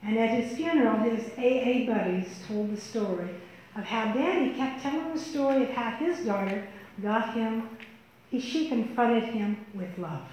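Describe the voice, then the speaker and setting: A woman telling a personal story to an audience, acting out the quoted lines with shifts in pitch and pace. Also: normal speed, darkish tone, heavy reverb, a little hiss or hum, low-quality recording. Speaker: speaker telling personal stories.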